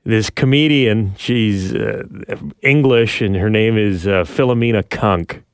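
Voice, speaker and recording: A man hosting a podcast, chatting casually and reading news stories with easy laughs and quick asides. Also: fairly low pitch, smooth, dry recording, studio quality. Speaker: podcast host.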